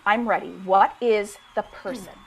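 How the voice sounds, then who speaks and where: A woman improv performer running a live game over a video call, playful and animated. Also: mid-range voice, normal speed, slight background noise. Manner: animated, bursts into gibberish sounds.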